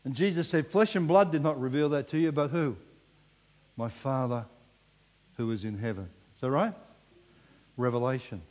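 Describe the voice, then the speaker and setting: A man preaching a sermon with animated delivery, sometimes falling to a hushed emphasis. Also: medium pitch, normal speed, long pauses. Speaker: pastor. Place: church hall. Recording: long reverb in a church hall.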